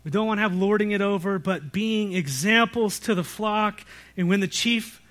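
A man's voice: high voice, normal speed, a bit bright. A man preaching a sermon as pastor, in a conversational way with rhetorical questions and light jokes. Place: church sanctuary.

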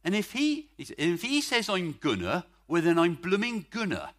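A man's voice: high voice, wildly swooping pitch, a little slow, a bit bright, voice pushed up, exaggerated voice. A man voicing a cheerful male youth leader with a broad Bristol accent and homely, emphatic speech.

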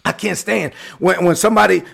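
A man with a Brooklyn accent preaching and telling a story, acting out quotes with bursts of shouting. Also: high-pitched, a little fast, gravelly. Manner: animated storyteller, acts out quotes, sudden shouts. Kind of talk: sermon-style storytelling. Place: livestream with chat.

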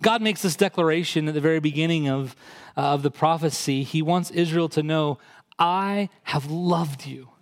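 Man preaching in a higher voice. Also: brisk. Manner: rises in pitch and intensity when quoting and emphasizing; explanatory, conversational preaching with fillers. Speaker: pastor. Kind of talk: sermon.

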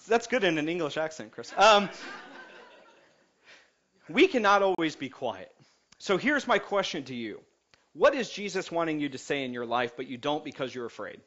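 A man preaching a sermon to his congregation in church, energetic, swinging between loud and soft, with jokes along the way. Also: a little high. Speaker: pastor. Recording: dull lo-fi recording.

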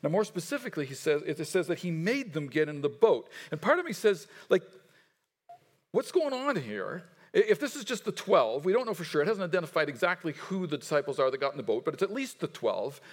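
Guy pastor leading a sermon, fairly high voice, church echo, gets the room to repeat lines back. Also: lively intonation, quick pace, few pauses. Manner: leads the congregation in call-and-response repetition; conversational, with fillers and restarts. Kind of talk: sermon with scripture reading. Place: church sanctuary. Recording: long hall reverb.

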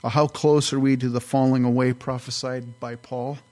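A man's voice: medium pitch, level tone, normal speed, a little mellow. A man, a pastor, teaching through a Bible passage verse by verse in a conversational, explanatory way.

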